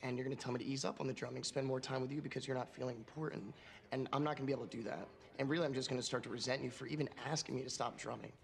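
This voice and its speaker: Guy doing a cold young drummer guy, quick and gravelly, totally matter of fact. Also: medium pitch, fairly even intonation, natural voice. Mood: flat, resolute. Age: young adult. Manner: matter-of-fact, rapid, reasoned breakup speech. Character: young male drummer, cold, driven, ambitious. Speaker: film character. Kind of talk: film drama acting.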